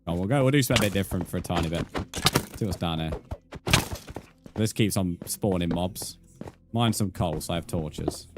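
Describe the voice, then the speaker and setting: A young man streaming, chatting casually with viewers, swearing freely and calling them mate. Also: on the low side. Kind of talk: casual live-stream chat.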